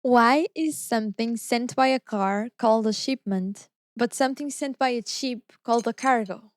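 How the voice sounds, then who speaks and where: Lively Portuguese-accented woman, slightly high. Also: normal speed, dry recording, clean studio sound. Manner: lively storyteller, acts out quoted voices. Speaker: podcast co-host. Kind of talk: casual chat.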